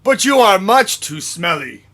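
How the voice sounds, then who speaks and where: A man's voice: sits high, very animated, measured pace, a bit bright, heavily acted. A man voicing a kindly, blunt fluffy bear. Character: friendly fluffy bear up in a tree.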